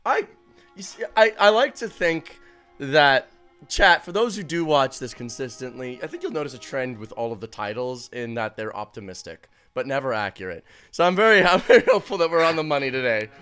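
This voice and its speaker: A man's voice: mid-range voice, animated, a little fast, fairly bright tone, clean tone, faint music behind. A man running a tabletop game who rambles, hesitates and laughs easily. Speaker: game master.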